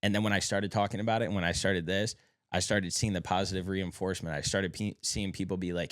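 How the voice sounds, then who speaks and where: A man's voice: low voice, steady tone, fast, no room sound, studio quality. A man co-hosting a podcast, speaking with motivational passion in casual chat and swearing casually. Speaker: podcast co-host.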